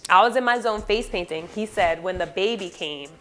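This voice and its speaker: A woman, a former party clown telling stories in a casual vlog, profane and animated, with sound-effect fillers. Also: mid-range voice, moderate pace, soft background music.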